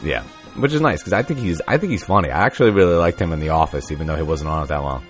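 A podcast co-host chats in a laid-back, rambling way, full of fillers. His voice is extremely low yet expressive, delivered rapid-fire, with faint music behind him.

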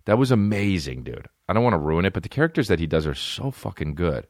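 Man, deep voice, lively pitch swings, rambling profane podcast rant, dry recording. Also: dry recording. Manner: rambling, profane, animated, jumps into quick mock voices. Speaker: podcast host. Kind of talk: solo comedic podcast rant. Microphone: phone.

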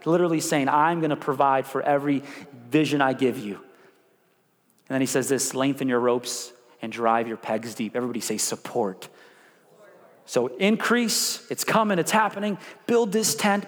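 A man preaching a sermon as pastor, animated, with call-and-response prompts to the congregation. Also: fairly high pitch, in a large hall. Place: church sanctuary.

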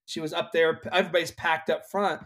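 A young adult man, a worship leader, telling an earnest, animated personal story in a relaxed conversation. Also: fairly high pitch, quick pace.

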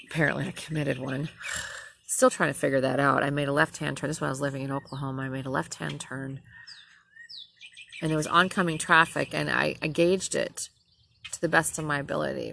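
A woman's voice: low-pitched, fairly even intonation, a little fast, gravelly, pauses often, bright, forceful tone, slight background noise. A middle-aged woman, a nurse, bluntly ranting and telling a story in a profane personal vlog.

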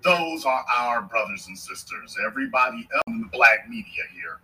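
A man's voice: mid-range voice, very animated, moderate pace, sharp tone, distant mic, poor audio. Emphatic man delivering a political monologue. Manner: emphatic, repeats his points for effect. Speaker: podcast host.

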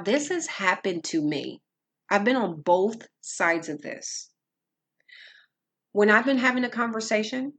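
A woman speaks with earnest calm, giving faith-based advice in a measured, teaching way. Her delivery is unhurried and deliberate. Her voice carries a soft, breathy edge. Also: mid-range voice. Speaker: Christian speaker.

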